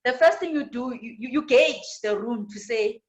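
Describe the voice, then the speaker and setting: South African woman teaching, higher voice. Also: normal speed, dull audio. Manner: tag questions, repetitions. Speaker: women's ministry trainer. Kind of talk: church leadership teaching.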